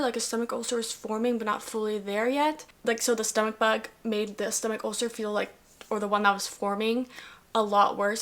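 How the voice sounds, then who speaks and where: A woman's voice: medium pitch, a bit bright. A young woman in her twenties recapping her year in a casual, chatty vlog, upbeat and full of "like" fillers. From US South. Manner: bubbly, upbeat, lots of "like" fillers. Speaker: lifestyle vlogger.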